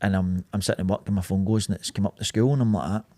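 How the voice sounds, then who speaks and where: Scottish guy cohosting a podcast, rattles off a story fast, swears a lot. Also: lowish voice, no echo. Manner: animated storytelling, swears freely. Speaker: podcast co-host. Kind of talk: casual chat.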